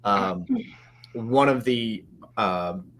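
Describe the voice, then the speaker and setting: A man co-hosting a comic book podcast, talking casually with hesitant pauses. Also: lowish voice, a bit bright, a little hiss or hum. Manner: hesitant, laughs while talking. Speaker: podcast co-host. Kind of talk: casual chat.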